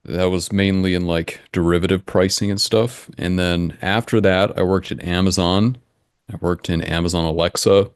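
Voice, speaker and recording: Low-voiced man, calm and matter-of-fact. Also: clear, resonant tone, no echo, studio quality. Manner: measured, matter-of-fact, thinks aloud. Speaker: interview guest, engine simulation creator. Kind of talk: casual interview answers.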